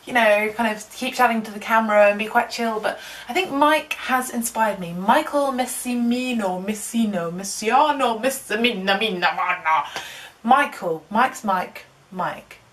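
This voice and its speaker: A woman's voice: fairly high pitch, measured pace, a bit bright, rough recording. A young woman chatting casually to camera in a rambling, giggly, self-mocking way. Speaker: vlogger.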